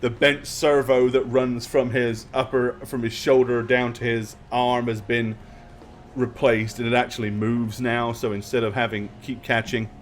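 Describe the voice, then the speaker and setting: A man narrating as game master, describing scenes with hesitant pauses and restarts. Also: mid-range voice, level tone.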